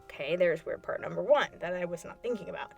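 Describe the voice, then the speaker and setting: A woman's voice: fairly low pitch, quick pace, vocal fry, a little mellow, faint music behind. A woman hosting a podcast, telling a personal story in a casual, conversational way full of "like" fillers and quoted dialogue. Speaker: podcast host.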